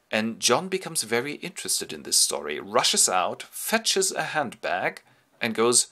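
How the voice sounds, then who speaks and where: A man's voice: fairly low pitch, sing-song, moderate pace, pushed and bright. A man narrating a comedic literary summary in a playful, theatrical manner.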